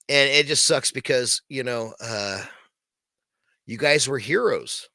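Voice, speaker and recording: On his own late-night podcast, a male host delivers a casual, rambling rant that turns heated and profane. His mid-range voice is bright, gravelly, and pushed forward, recorded dry and close with no echo.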